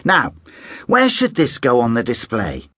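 Guy doing a jolly excited dad, bouncy voice, dry recording. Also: mid-range voice, unhurried, breathy edge, no room sound, full character voice. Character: friendly enthusiastic dad, museum owner.

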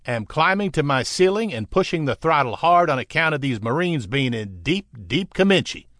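A man's voice: on the high side, sing-song, normal speed, a bit bright, dry recording, clean studio sound. A man voicing a brash, daring male fighter pilot who snarls over the radio in an audiobook. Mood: urgent. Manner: snarling, cocky.

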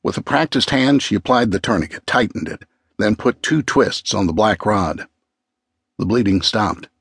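A man narrating an audiobook with a measured, grave delivery. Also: on the low side, animated, a bit bright, husky, no echo, studio quality. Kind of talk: scripted narration.

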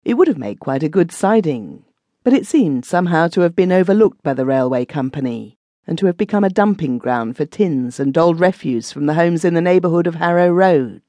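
A woman narrating a classic short story as an audiobook reader, in an expressive storytelling manner. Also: fairly low pitch, brisk, dry recording. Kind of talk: scripted narration.

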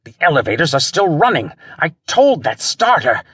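A man's voice: medium pitch, very animated, moderate pace, fairly bright tone, husky, no echo, heavily acted. A man voicing a terse pulp-novel hero who barks urgent orders, in an audiobook. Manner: curt barked orders.

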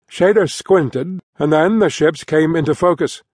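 A male audiobook narrator with a voice slightly higher than most men's reads in an even, measured storytelling style. He is recorded close on a studio mic in a dry booth, and the recording is slightly rough.

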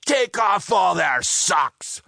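Blustering storybook pirate captain, high and roaring, man doing the voice. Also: sing-song, unhurried, gravelly, a bit bright, husky, no room sound, clean studio sound, faint music behind, heavily acted. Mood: battle cry. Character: blustering male pirate captain, bossy and loud.

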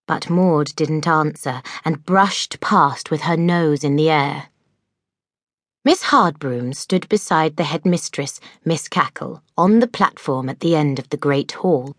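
A woman with a lowish voice reads a children's story aloud with expressive storytelling. The recording is close and dry, with no room around it. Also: a little slow, no echo. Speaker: audiobook narrator. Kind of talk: scripted narration.

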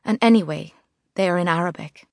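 A woman reading a first-person novel as narrator, measured and vivid. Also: on the low side, creaky, no room sound, clean studio sound. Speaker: audiobook narrator. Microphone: studio mic.

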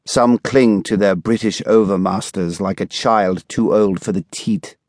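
A man voicing an aging, cultured German exile with precise, carefully polished speech and a quiet, menacing edge. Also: on the low side, fairly even intonation, a little slow, no echo, studio quality.

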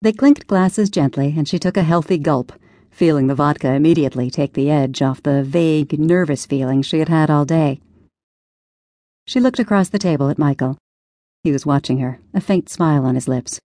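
A woman reading an audiobook as narrator in an even, measured way. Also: low-pitched, no room sound, clean studio sound. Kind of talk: scripted narration.

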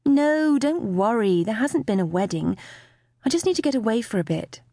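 An upset young woman doctor on the run from her own wedding, voiced by a woman narrator. Her voice wobbles and goes shrill when pressed, swinging up and down with lively pitch. The storybook reading is close and dry, with no room sound. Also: normal speed, no room sound. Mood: upset, shaky.

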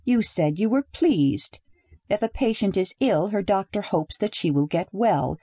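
A woman's voice: medium pitch, expressive, a little slow, mellow, slightly rough, no echo, studio quality. A woman voicing a young wife who speaks in a breathless, rising, pleading way. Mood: hurt, pleading. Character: young newly married woman, eager then hurt.

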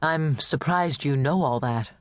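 A man's voice: a little high, a little slow, no echo, clean studio sound, lightly acted. A woman voicing a mild, plain-spoken man, a former basketball star.

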